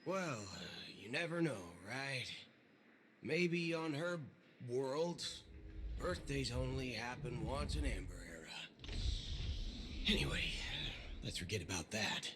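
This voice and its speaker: A man's voice: medium pitch, animated, slow, pauses often, noisy background. A man voicing a wisecracking, impatient young traveler in a game dub. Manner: sarcastic, mild fake swearing.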